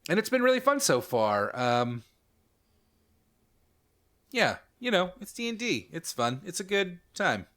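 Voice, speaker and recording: A man's voice: high-pitched, big pitch swings, measured pace, long pauses, a bit bright. A man hosting a podcast in casual chat, talking in an easygoing, rambling, self-mocking way. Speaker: podcast host.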